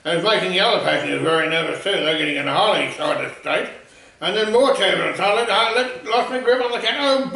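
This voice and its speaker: A man spins a rambling, animated comic yarn with a gravelly, bright voice that sits a little high. He sounds far from the mic, in a very echoey room. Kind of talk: comic anecdote storytelling.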